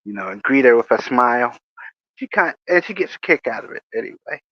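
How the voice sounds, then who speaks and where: A man's voice: mid-range voice, expressive, a little fast, no room sound. A man hosting a casual livestream, rambling through jokey stories with chuckles. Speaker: livestream host. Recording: dry, muffled lo-fi audio.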